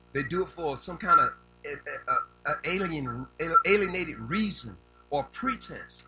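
A man's voice: high-pitched, pushed and bright, rough recording. An older man preaching a sermon in a folksy, down-home way, often repeating words as he builds a point. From rural United States.

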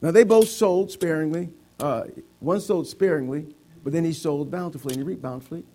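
A man's voice: on the high side, fairly quick, mellow. A man preaching a sermon, playful, acting out the voices of people giving grudgingly as an object lesson. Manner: playful, acts out voices of reluctant givers.

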